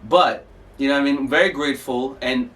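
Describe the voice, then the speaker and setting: A man from Jamaica co-hosting a casual podcast, relaxed and chatty, often asking "you know what I mean". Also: medium pitch, fast, distant mic. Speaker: podcast co-host.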